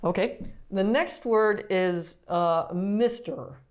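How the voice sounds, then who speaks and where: A woman who is a pediatric therapist, leading a casual lesson and asking hesitant questions with many pauses and restarts. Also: medium pitch. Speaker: pediatric physical therapist teaching.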